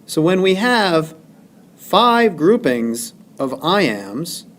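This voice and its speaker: A man's voice: fairly high pitch, big pitch swings, extremely slow, a bit bright. A male teacher lecturing over slides, stressing syllables and counting them aloud.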